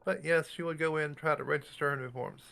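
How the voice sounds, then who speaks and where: A man's voice: on the high side, steady tone, fast talker, creaky, bright, forceful tone. A man playing in a tabletop game, explaining his character in a casual, hedging way. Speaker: player.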